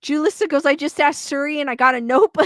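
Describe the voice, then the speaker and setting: A woman's voice: high-pitched, quick pace, a bit bright, dry recording. A woman hosting a livestream, chatting casually, reading viewer comments aloud and laughing often. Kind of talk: casual chat.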